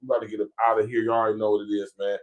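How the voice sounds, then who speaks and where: A man's voice: lowish voice, level tone, very fast, highs cut off. A man hosting a podcast, signing off in laid-back casual chat with loose, repetitive phrasing. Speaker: podcast host.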